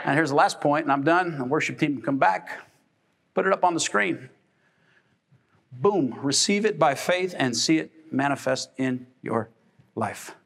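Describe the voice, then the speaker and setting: A man's voice: on the high side, vocal fry, a bit bright. A man preaching a sermon as pastor, emphatic and calling out for responses from the congregation. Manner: emphatic, with call-and-response questions. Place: church sanctuary.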